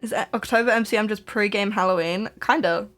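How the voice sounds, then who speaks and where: A young woman chats on a home crafting live stream and tells a winding story. She starts sentences over and over and giggles often. Her talk stays relaxed and easygoing throughout. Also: medium pitch, fairly quick. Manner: chatty, rambling, giggly, with many restarts. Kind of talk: casual storytelling chat.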